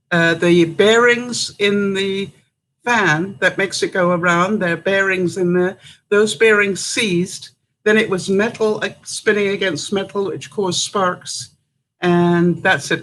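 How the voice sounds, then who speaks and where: A woman's voice: mid-range voice, a bit bright, rough recording. An older woman from Canada, telling a story to camera in a chatty way, laughing often and acting out what others said. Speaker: vlogger.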